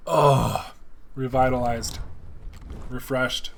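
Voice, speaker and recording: A man's voice: medium pitch, steady tone, extremely slow, vocal fry. A young man giving casual live commentary on a game, chatting with viewers. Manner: chatty, talks to chat viewers by name. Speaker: gameplay streamer.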